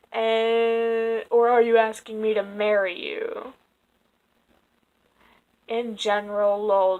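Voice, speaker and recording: A woman's voice: medium pitch, low-quality recording. A woman in her twenties reading dating app messages aloud in a casual vlog, exasperated and sarcastic, and she swears freely. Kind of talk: casual storytelling. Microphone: phone.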